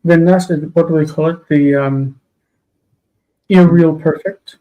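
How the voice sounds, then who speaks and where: A tired man teaching a live-streamed classical Hebrew grammar lesson, explaining patiently and slowly. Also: a little high, steady tone, muffled recording.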